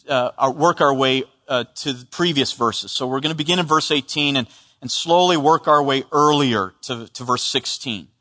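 Earnest preacher in a reverberant hall. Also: male voice, a little high, bright, forceful tone. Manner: earnest, emphatic, with frequent restarts and repeated words. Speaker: pastor. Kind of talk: expository sermon. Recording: long reverb of a large hall.

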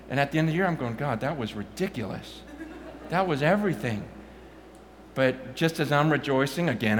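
A middle-aged man giving a passionate Christian testimony, stumbling over restarts and swinging from loud bursts to hushed murmurs. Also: fairly high pitch. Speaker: Christian speaker. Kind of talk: personal testimony talk. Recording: long hall reverb, faint noise.

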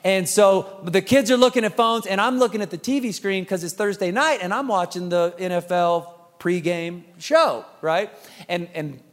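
A man's voice: high-pitched, normal speed. A man in his thirties preaching a sermon, telling stories with humor and acting out family scenes. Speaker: pastor. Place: church sanctuary. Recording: long church hall reverb.

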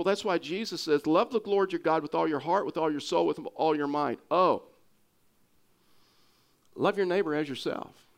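A man delivers a sermon in a Texas accent, his voice somewhat high for a man. Earnest, he keeps circling back, repeating and restarting phrases to drive his point home.

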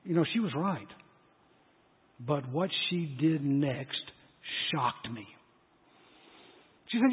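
Husky high-voiced man preaching in a hall. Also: slow, long pauses. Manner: animated, acts out dialogue in story. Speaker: pastor. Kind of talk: sermon with storytelling. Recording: tinny phone-like sound with long hall reverb.

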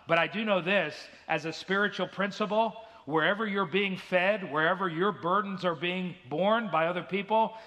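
A man's voice: high voice, pushed and bright, big-room sound. A male pastor preaching an earnest sermon in a church, now and then acting out the voices of people in his stories. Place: church sanctuary.

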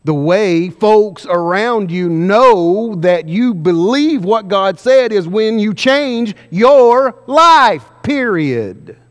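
A man preaching a sermon, pressing the congregation with repeated questions and slowing down for emphasis. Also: high voice, lively intonation. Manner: emphatic, questioning the congregation, varying pace widely. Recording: long hall reverb.

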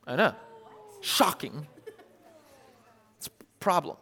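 A man preaching a casual, earnest sermon with a slightly raised pitch. His delivery is animated, with wry little asides. The sound carries a long hall reverb. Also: slow. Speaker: pastor.

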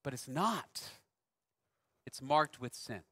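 A man preaching a sermon, telling a personal story in a relaxed, conversational way with dry self-deprecating humor. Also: medium pitch, slow, in a large hall. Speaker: pastor.

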